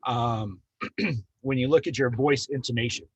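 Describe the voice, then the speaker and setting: A middle-aged man training hospice staff, talking calmly and steadily, with frequent ums. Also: mid-range voice, slightly rough, dry recording, muffled recording. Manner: calm, measured, with frequent ums.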